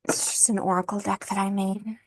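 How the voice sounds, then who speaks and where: A woman giving an intuitive tarot reading, soft-spoken and emotional, thinking aloud as she turns the cards. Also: medium pitch, flat delivery, fairly quick, no room sound. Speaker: tarot reader.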